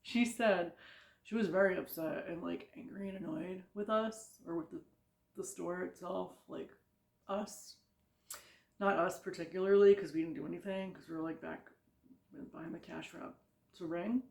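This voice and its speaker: A woman's voice: lowish voice, fairly even intonation, moderate pace, vocal fry, a little mellow. A woman vlogger telling rambling work stories in a casual, chatty way, filling her talk with "like" and frequent laughs. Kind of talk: casual storytelling. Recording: echoey room.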